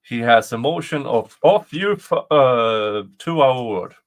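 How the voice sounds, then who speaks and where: A man's voice: medium pitch, lively intonation, measured pace. A man hosting a casual livestream, reading aloud and chuckling often at his own jokes. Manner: chuckles often, jokey asides. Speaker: livestream host commenting on a trial. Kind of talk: casual live commentary.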